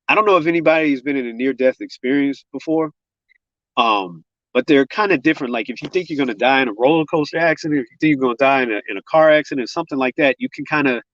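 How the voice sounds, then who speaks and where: A man's voice: medium pitch, fairly bright tone, dry recording. A man, a guest on a podcast, telling his own story of survival in vivid detail and acting out what others said, in casual spoken grammar. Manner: vivid storyteller, acts out other people's words. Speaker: guest, gun violence survivor. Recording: dull, lo-fi sound.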